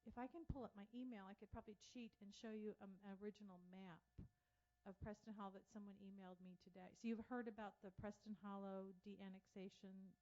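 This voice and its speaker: A woman's voice: mid-range voice, brisk. A woman giving a casual talk to an audience, telling anecdotes in a chatty way and acting out what others said. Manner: chatty storyteller, animated quoting of others. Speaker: speaker at a public talk. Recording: dull lo-fi sound.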